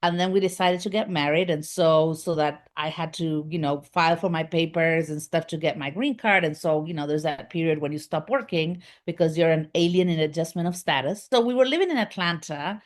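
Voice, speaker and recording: A middle-aged Argentine woman whose voice sits a little on the low side, giving a casual interview. She rambles through her story with many fillers and restarts, her first language Spanish showing in her accent. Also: a little fast, hardly any pauses. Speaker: guest, communications business founder.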